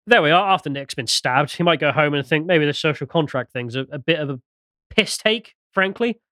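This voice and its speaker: A man's voice: fairly high pitch, lively intonation, brisk, sharp tone, no echo, studio quality. A British man co-hosting a podcast, reading out news stories with mocking, sarcastic commentary. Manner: mocking, sarcastic, swings into jokey mimicry.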